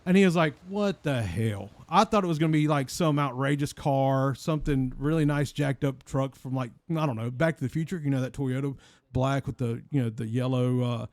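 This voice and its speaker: A man in an online role-play game telling a rambling, deadpan shaggy-dog story in character, repeating the same phrase again and again. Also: medium pitch, moderate pace, no room sound.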